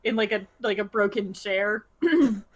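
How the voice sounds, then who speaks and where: A woman's voice: mid-range voice, unhurried. A woman playing a tabletop game, describing her character in a chatty way with lots of "like". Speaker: player. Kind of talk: tabletop role-play.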